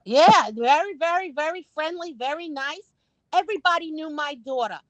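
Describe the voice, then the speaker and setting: An older woman with a New York accent, chatting casually on a livestream and telling lively stories. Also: high-pitched, normal speed, dry recording, poor audio. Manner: animated storyteller who acts out quotes. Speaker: guest on a livestream. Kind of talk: casual chat.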